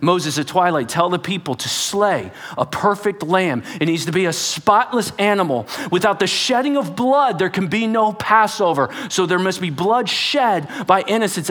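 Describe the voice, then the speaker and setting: A man preaching a sermon in a dramatic storytelling style. His voice sits a little high and swings widely in pitch as he acts out the voices of the story. He drops to whispers, then rises to loud bursts. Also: animated, moderate pace. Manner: shifts between whispers and loud outbursts. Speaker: pastor.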